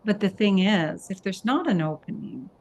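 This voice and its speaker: An older woman hosting a podcast interview, speaking slowly and thoughtfully and often repeating words as she searches for them. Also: medium pitch, expressive. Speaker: podcast host.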